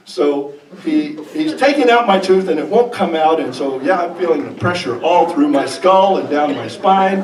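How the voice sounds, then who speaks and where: Animated male storyteller in a hall. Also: fairly high pitch, moderate pace. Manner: animated, comic, breaks into laughter. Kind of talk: live personal storytelling. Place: stage in a performance hall. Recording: echoey hall, distant mic, audience. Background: audience laughter.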